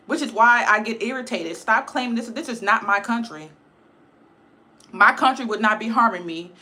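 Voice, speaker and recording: A woman's voice: medium pitch, sharp tone. A woman giving a blunt, emphatic casual livestream rant, repeating her points. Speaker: live streamer.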